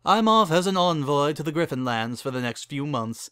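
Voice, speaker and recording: A man's voice: on the high side, animated, moderate pace, bright, forceful tone, smooth, no echo, clean studio sound, voice pushed up. A man voicing an older male aristocrat pony with grand, formal phrasing, in a dramatic story reading. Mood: regretful.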